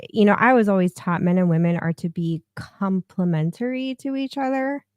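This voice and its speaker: A woman's voice: mid-range voice, moderate pace, clean tone, dry recording, highs cut off. A woman co-hosting a casual livestream chat, outspoken and opinionated, often breaking into laughter. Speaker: co-host.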